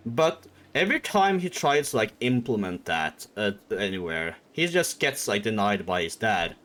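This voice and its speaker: Rambling, animated young male streamer. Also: lowish voice, normal speed, few pauses. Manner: rambling, heavy on filler words and swearing. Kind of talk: comedic casual retelling.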